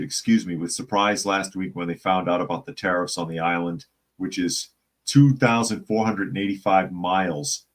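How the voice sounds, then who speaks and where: Brief: man, low deep voice, casual news host, chatty, reads articles aloud and greets the chat.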